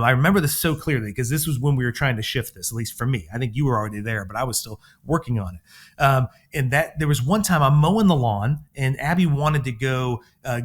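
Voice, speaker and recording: A middle-aged man co-hosting a parenting podcast as a counselor, telling stories in a relaxed conversational way and acting out the quotes in them. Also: medium pitch. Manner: animated, acts out quotes in his stories. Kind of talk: conversational storytelling.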